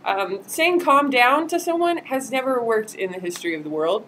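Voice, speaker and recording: A woman's voice: on the high side, animated, moderate pace, a bit bright, slight background noise, poor audio. A woman volunteer trainer giving a casual live-streamed training talk, acting out example quotes as she goes.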